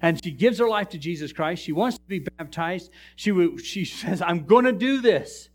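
In church, a male pastor with a high, slightly rough voice preaches at a normal speed. He's an animated storyteller, sharing funny stories and joking with his congregation.

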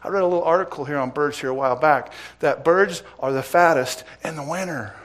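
A man's voice: a little high, brisk, hardly any pauses. Middle-aged man preaching with rising emphasis. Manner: preaching with rhetorical questions and swings in loudness. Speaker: pastor. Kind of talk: sermon.

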